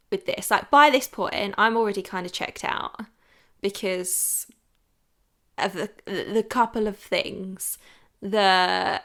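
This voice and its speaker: A young woman tells a dating story on her podcast, loose and candid. Her voice sits in the middle of the range and keeps dropping into a creaky, gravelly fry. She fills her sentences with "like" as she goes. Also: medium pitch, a bit bright. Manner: chatty, frank, lots of "like". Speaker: podcast host. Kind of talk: storytelling chat.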